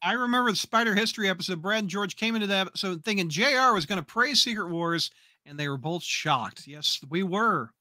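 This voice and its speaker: A man's voice: sits high, animated, brisk, sharp tone, no room sound, studio quality. A man hosting a fan podcast, reading listener comments aloud and laughing often. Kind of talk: casual fan podcast chat.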